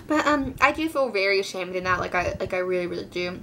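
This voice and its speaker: A woman's voice: mid-range voice, quick pace, hardly any pauses, slight background noise. A teenage girl telling a casual storytime to her viewers, rambling and full of fillers, acting out what people said. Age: teens. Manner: quotes people in lively voices. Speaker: vlogger.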